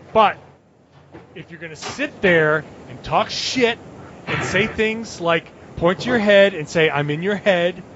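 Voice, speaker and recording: Chatty male sports podcast host. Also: high-pitched. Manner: animated, reading listener tweets. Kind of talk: casual sports podcast chat. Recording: muffled lo-fi audio with clear background noise.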